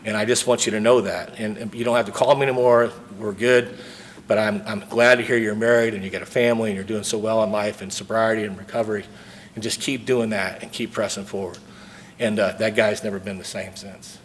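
A man's voice: on the low side, little pitch movement, brisk, slight background noise. Earnest man telling a recovery story. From St. Louis, Missouri. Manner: earnest storytelling, acts out dialogue. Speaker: recovery meeting speaker. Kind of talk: speaker talk at a recovery convention.

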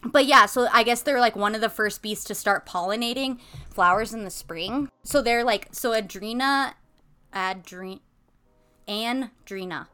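Bright-voiced giggly young woman podcaster. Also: fairly high pitch, measured pace, clean tone, soft background music. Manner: giggly, rambling with many "like"s. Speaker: podcast co-host. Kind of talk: casual chat.

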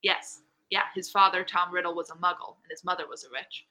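A woman chatting excitedly in a casual book club conversation, rambling with lots of fillers. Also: lowish voice, brisk. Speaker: book club podcast member. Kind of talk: casual chat.

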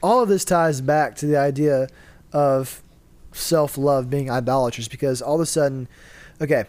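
A man's voice: medium pitch, normal speed, darkish tone, dry recording. A man hosting a casual faith discussion, explaining his view earnestly and answering his own rhetorical questions. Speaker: podcast host.

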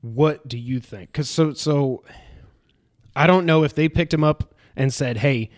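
A man's voice: on the high side, measured pace. Man animatedly retelling TV scenes. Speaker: co-host recapping a TV show. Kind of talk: casual chat.

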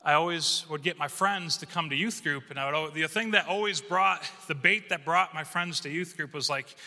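A male pastor giving a conversational, humorous storytelling sermon in a church, animated and acting out quotes. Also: fairly high pitch, normal speed. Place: church sanctuary. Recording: reverberant church hall.

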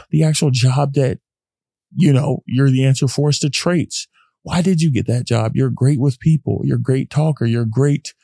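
Gravelly earnest man talking lying down. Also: on the high side, warm tone, dry recording. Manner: earnest, preachy, self-talking. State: lying down, tired. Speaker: podcast host. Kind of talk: casual solo motivational talk. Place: home, lying on carpet.

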